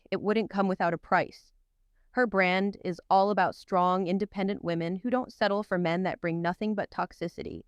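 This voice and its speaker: A woman's voice: medium pitch, clean tone, no room sound, studio quality. A woman hosting a commentary video, reading a scripted narration with emphatic, punchy delivery and rhetorical questions.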